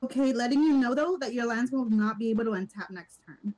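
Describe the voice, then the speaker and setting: A woman's voice: fairly high pitch, fairly quick, darkish tone, low-quality recording. Woman clarifying card game rules. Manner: helpful, clarifies rules for others. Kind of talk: casual game-table chat.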